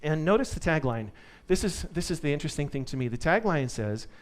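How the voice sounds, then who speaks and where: A man's voice: on the high side, animated, brisk. A man giving a live conference tech talk to an audience, upbeat and joking. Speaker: conference speaker.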